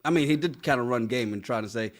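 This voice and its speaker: A man's voice: medium pitch, fast. A man co-hosting a casual podcast, reading live chat comments aloud and laughing often. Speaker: podcast co-host.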